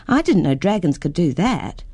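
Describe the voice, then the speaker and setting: A woman voicing an eager, curious young girl who asks lots of excited questions. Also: fairly low pitch, moderate pace, no echo.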